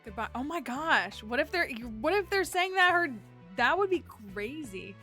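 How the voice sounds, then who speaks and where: Excitable woman streamer, casual game commentary over loud music. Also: sits high, moderate pace. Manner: excitable, chatty, lots of fillers.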